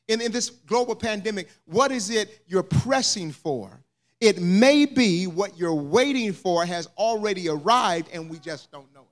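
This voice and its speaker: High-voiced preacher telling a story. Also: male voice. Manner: storytelling preacher, builds to fervent shouting. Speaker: pastor. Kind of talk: sermon. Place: church sanctuary.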